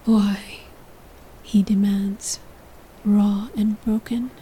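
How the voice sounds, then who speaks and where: A woman tells a second-person story in a whispered role-play, every line hushed and breathy. She takes her time, and her mellow whisper barely rises or falls. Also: medium pitch, flat delivery, slow pace, a little hiss or hum, low-quality recording.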